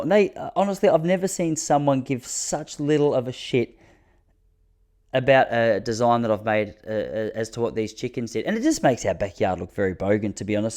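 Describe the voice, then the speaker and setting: A man's voice: medium pitch, a little mellow. A man in his thirties with an Australian accent, hosting a podcast in a rambling, casual solo monologue full of slang. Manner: rambling storytelling with slang and restarts. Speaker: podcast host.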